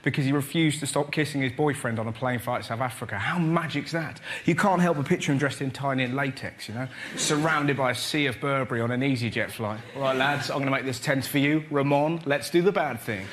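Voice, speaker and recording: A man on a comedy panel show, telling stories with energy and slipping into shouted impressions. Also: mid-range voice, normal speed, very noisy. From Britain. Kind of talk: stand-up storytelling on a panel show. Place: TV studio with live audience. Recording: loud studio audience laughter.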